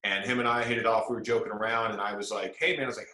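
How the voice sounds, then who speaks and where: A man's voice: mid-range voice, rapid-fire. A young man from South Carolina, a guest actor, telling stories casually and acting out the quotes. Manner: animated storyteller acting out quotes. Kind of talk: casual storytelling interview. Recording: echoey room.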